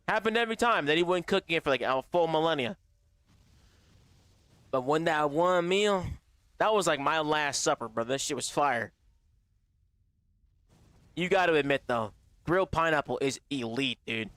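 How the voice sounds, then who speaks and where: Slangy, profane streamer with a smooth voice. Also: male voice, fairly high pitch, moderate pace, pauses often, a bit bright, dry recording. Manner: slangy and profane, calls chat bro and baby. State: slightly strained voice from yelling. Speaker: gaming livestreamer. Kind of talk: casual live-stream chat.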